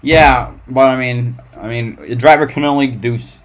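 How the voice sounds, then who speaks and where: A man's voice: mid-range voice, normal speed. A man live-streaming casual race commentary in a rambling way, with frequent restarts.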